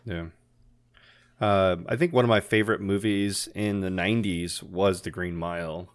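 A man's voice: sits low, steady tone, normal speed. A man co-hosting a podcast, chatting casually and rambling through movie scenes, often laughing as he retells them. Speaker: podcast co-host. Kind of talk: casual chat.

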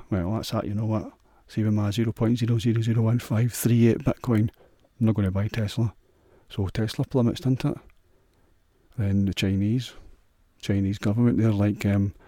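Husky, rambling Scottish man. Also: on the low side, dark tone, dry recording, studio quality. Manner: rambling, crude, sweary. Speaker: podcast host. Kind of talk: solo podcast monologue.

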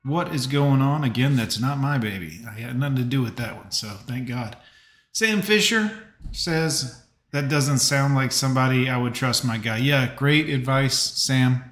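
A man's voice: mid-range voice, normal speed, a bit bright. Chatty man streaming in a roomy space. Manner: chatty, banters with chat viewers, blunt advice. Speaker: live stream host. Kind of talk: casual live reaction stream. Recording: roomy echo.

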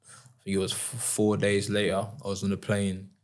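A man with a very low voice speaks as an interview guest, loose and unhurried. His talk rambles with plenty of fillers and asides, easygoing in tone. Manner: relaxed, rambling, many fillers, laughs often. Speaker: guest, professional athlete. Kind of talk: casual interview chat.

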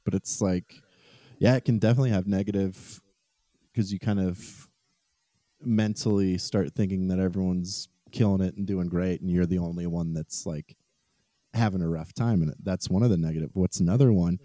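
A man co-hosting a casual podcast chat, relaxed, laughing easily and reading bits from an article. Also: deep voice, normal speed, dry recording, studio quality. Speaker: podcast co-host.

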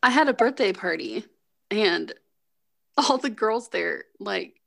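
A young woman co-hosting a podcast, telling relaxed stories among friends and laughing easily. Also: medium pitch, slow pace, vocal fry. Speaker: podcast co-host. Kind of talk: casual chat among friends.

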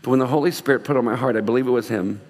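A man's voice: medium pitch, racing, darkish tone, big-room sound. A male pastor preaching a sermon in a church, earnest with humorous asides, then leading a closing prayer. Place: church sanctuary.

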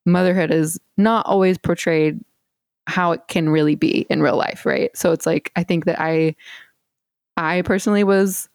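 A woman's voice: lowish voice, steady tone, moderate pace, gravelly, darkish tone, no room sound, studio quality. A woman hosting a podcast, talking earnestly and casually with lots of "like" and "you know" fillers. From United States. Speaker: podcast host.

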